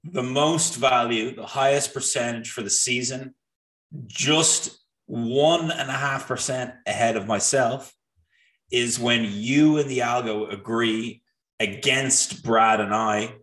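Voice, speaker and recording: A man's voice: mid-range voice, takes it slowly. Guy going over nfl picks and records, trips over his words a bit, echoey room. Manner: animated, restarts often, talks through stats. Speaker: sports betting co-host. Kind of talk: casual sports betting chat. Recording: roomy echo.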